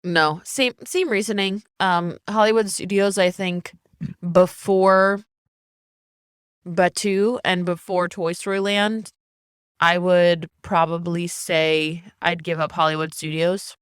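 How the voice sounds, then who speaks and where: Low, smooth-voiced woman podcaster. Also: steady tone, slow, no echo, clean studio sound. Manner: enthusiastic, decisive opinions. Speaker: podcast co-host. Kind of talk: casual chat.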